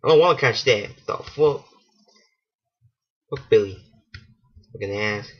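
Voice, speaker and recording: A man giving casual let's-play commentary, excitable and swearing, laughing at himself. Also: lowish voice, a little slow, slightly rough. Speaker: gaming channel host. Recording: dull lo-fi home mic.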